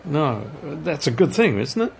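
A weary insomniac man, read by a man in a radio scene reading, hesitant and subdued. His voice is gravelly with fry. Faint noise sits behind him. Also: a little high, very animated, a little slow, pitched above the performer's own voice, heavily acted.

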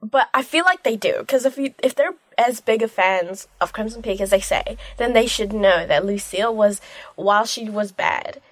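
In a relaxed vlog, a young woman who reviews films rambles and gushes over a movie she adores, dropping in many fillers. She speaks at a moderate pace with a medium-pitched voice and no echo.

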